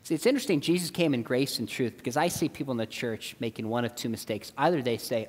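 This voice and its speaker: A man's voice: medium pitch, quick pace, husky. A middle-aged man giving a church seminar talk, telling stories and acting out the voices of the people in them. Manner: animated, acts out dialogue in quoted voices. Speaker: apologetics speaker. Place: church auditorium. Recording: long reverb of a church hall.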